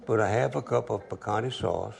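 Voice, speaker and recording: A man's voice: fairly low pitch, normal speed, vocal fry, noisy background. An older man, cooking at the stove and chatting folksily as he tells a story. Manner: folksy, chatty, talks to himself while working. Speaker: cook. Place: home kitchen at the stove.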